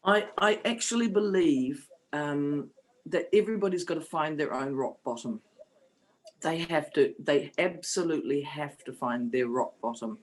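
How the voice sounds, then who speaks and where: A woman's voice: low-pitched, moderate pace, low-quality recording. Candid, emotional woman in her fifties. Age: 50s. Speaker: interview guest. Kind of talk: personal storytelling in an interview.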